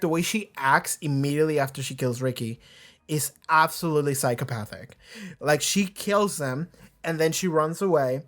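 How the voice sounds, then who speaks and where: A man hosting a reaction video, talking casually and animatedly, rambling with frequent restarts and swearing. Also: a little high.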